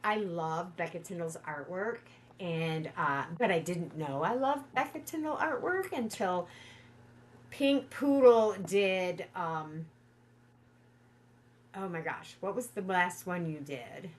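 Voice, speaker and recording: A middle-aged woman chatting casually on a livestream from home, gushing and excitable. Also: fairly low pitch, slow, a little hiss or hum. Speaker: livestream host.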